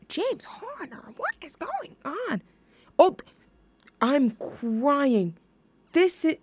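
A young woman with a fairly high voice hosts a music radio show, recorded without echo. Her casual chat is giggly and rambling, and she keeps interrupting herself.

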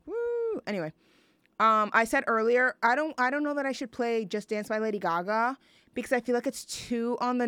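A woman's voice: medium pitch, fairly bright tone, clear, resonant tone, no echo. A young woman hosting a radio show, chatting casually and rambling between songs with lots of fillers.

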